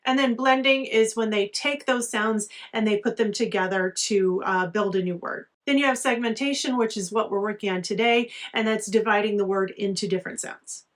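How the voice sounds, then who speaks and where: A woman teacher explaining a lesson in an instructional video, patient and explanatory, slowing down to sound out words. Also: mid-range voice.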